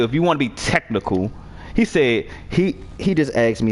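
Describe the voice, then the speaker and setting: A man's voice: mid-range voice, very animated, moderate pace, slight background noise. A young man giving heated, profane commentary while playing a video game and arguing with his opponent. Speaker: gamer. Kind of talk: trash-talking gameplay commentary.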